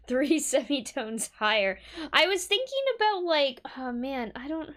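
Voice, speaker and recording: Bright-voiced, giggly woman streamer, casual chat. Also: sits high, sing-song, a little slow. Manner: chatty, giggly, rambling.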